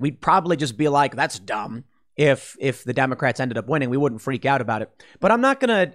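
A man hosting an opinionated commentary show, talking in a sarcastic, animated way. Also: fairly high pitch. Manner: animated, sarcastic, acts out mocking voices.

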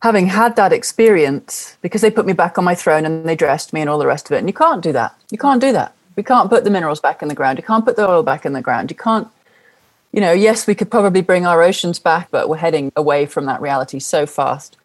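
A middle-aged woman, her voice sitting notably low. She speaks as an interview guest, recounting personal experience in an earnest, heartfelt way and returning to key phrases for emphasis. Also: fast talker. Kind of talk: personal storytelling in conversation.

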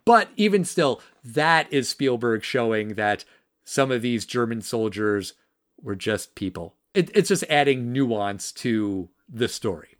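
A man's voice: medium pitch, animated, unhurried, dry recording. Impassioned male podcast co-host, profane and blunt, dry close recording. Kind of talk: casual film discussion.

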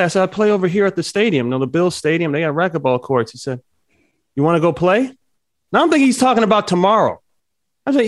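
A man chatting casually on a talk show, telling a lively story and voicing the people in it, often laughing. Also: sits high, fairly quick, pauses often, no room sound, studio quality. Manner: animated storyteller, voices his characters, laughs often. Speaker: podcast co-host, former football player.

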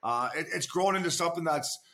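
A man's voice: a little high, fast talker, bright, forceful tone. A man, a former pro hockey player, chatting as a podcast guest, with many restarts and loose swearing, calling the hosts boys and fella. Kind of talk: casual podcast chat.

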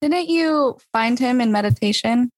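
A woman's voice: a little high, measured pace, no room sound, low-quality recording. A woman hosting a casual podcast conversation, upbeat and laughing often. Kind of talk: casual chat.

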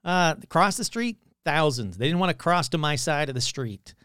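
A man's voice: a little high, animated, normal speed, fairly bright tone, smooth, no room sound, clean studio sound. A man hosting a podcast, retelling an old story in a casual, sarcastic and profane way. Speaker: podcast host.

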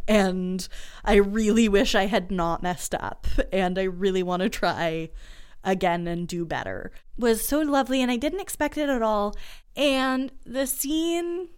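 A woman's voice: mid-range voice, measured pace, clean tone. A woman co-hosting a casual book discussion, talking in an enthusiastic, emotional, chatty way. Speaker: podcast co-host.

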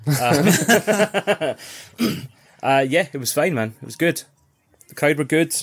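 A man telling a lively story in casual podcast chat, swearing freely and acting out other people's shouts. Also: on the high side, takes it slowly. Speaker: podcast co-host.

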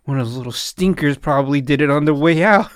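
Animated male podcast host telling stories. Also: fairly high pitch, quick pace, clean tone, no room sound, clean studio sound. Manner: animated storyteller, acts out quoted voices. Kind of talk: casual chat.

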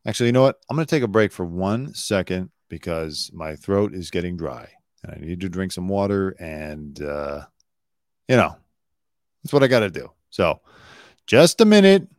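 Low-pitched and at a moderate pace, this man's voice comes through studio-clean with no room sound. Once an entertainment news producer, he now hosts a laid-back live-stream news show where he rambles, swears a lot, and gives blunt opinions.

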